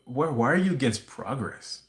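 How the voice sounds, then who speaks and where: A man's voice: mid-range voice, lively intonation, normal speed, lightly acted. A man voicing a smug, manipulative narcissist who talks in an indignant, guilt-tripping, mock-pleading tone. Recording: roomy echo.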